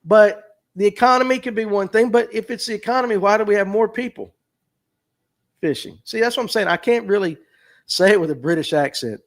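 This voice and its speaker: A man's voice: sits high, brisk. Folksy North Georgia man with a drawl. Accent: North Georgia Southern drawl. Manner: folksy, chatty, answers chat questions aloud. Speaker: fishing show host. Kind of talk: casual livestream talk reading viewer comments.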